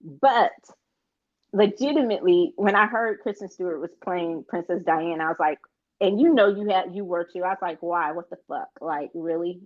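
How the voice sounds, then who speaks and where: A woman's voice: mid-range voice, normal speed. Rambling, frank woman, dull lo-fi sound. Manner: frank, rambling, swears freely. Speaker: podcast co-host. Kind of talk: casual chat. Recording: dull lo-fi recording.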